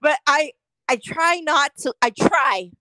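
High-pitched giggly woman, dry sound. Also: animated, takes it slowly, bright, forceful tone, dry recording, poor audio. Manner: profane, giggly. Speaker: podcast co-host. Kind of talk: casual chat.

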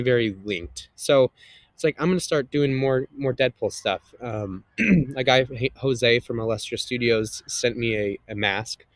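On a dry recording, a man with a medium-pitched, slightly nasal voice chats casually as a guest in an interview. A content creator, he rambles, using lots of fillers and restarting his sentences.

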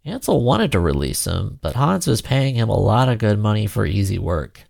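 A man narrating a children's storybook in an expressive, animated reading. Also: fairly low pitch, moderate pace, vocal fry, no echo, clean studio sound.

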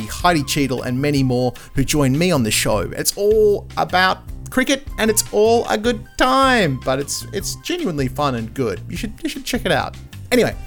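An Australian man hosts a podcast in a casual, joking tone. His pitch swings about in a lively, animated way, and faint music plays under his voice. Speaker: podcast host. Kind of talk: casual chat and outro.

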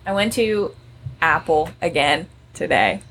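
A woman in her twenties co-hosting a podcast, chatting in an animated, exclamatory and self-mocking way. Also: sits low, a little slow, slight background noise. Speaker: podcast co-host. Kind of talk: casual chat.

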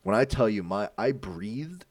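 Low lively young dude telling a story, stutters and cusses, dry sound, kinda far from the mic. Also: male voice, measured pace, no echo. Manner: lively storytelling with stammers and swearing. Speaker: friend in the chat. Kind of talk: casual chat.

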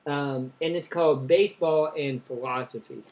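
A man's voice: fairly high pitch, moderate pace. Upbeat young man co-hosting a podcast. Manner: upbeat, reads out listener cities with shout-outs. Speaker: podcast co-host. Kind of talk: casual chat.

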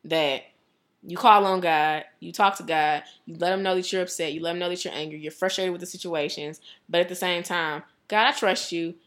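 A woman giving a casual devotional talk, chatty and animated, laughing often and saying "like" a lot. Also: fairly low pitch, a little fast. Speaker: devotional speaker.

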